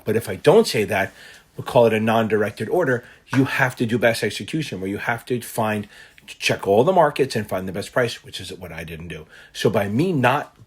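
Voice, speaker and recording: A man tutoring for a finance exam, explaining concepts through an animated, loosely told personal story with the odd swear word. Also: on the low side, slightly rough. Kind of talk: casual lesson told through a personal anecdote.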